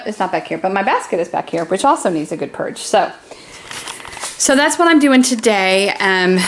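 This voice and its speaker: A woman's voice: medium pitch, a bit bright. A young woman chatting cheerfully through a home vlog. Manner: chatty, cheerful, talks to her pets in baby talk. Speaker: vlogger. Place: home kitchen and living room.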